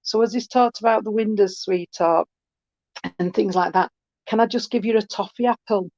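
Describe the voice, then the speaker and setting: A woman's voice: mid-range voice, normal speed, a little mellow, no echo. Woman, medium, chatty, affectionate, dull dry call audio. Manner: chatty, affectionate, calls people sweetheart. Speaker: spiritualist medium. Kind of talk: online mediumship reading.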